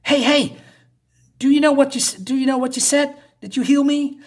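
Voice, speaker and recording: A man's voice: very high-pitched, steady tone, moderate pace, pitched above the performer's own voice. A man voicing a pathetic male snake beast who whines and pleads, reading from a comic. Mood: pleading. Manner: whiny, pleading.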